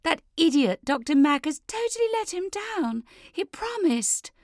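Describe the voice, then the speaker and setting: A shrill, outraged young woman, as a female narrator puts her on, yelling in bursts and swinging wildly up and down in pitch. Her storybook voice is close and dry. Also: big pitch swings, measured pace, no echo, exaggerated voice. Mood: furious yelling. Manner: yelling, indignant.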